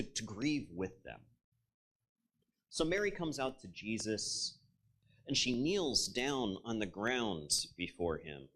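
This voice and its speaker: Slow, low-voiced reflective pastor. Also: male voice, fairly bright tone, husky. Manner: reflective, storytelling with asides to listeners. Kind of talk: conversational sermon.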